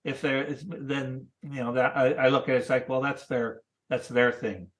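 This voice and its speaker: A man in his sixties, a cartoonist guest, chatting casually in a thoughtful, halting way with many restarts. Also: medium pitch, level tone. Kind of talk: casual interview chat.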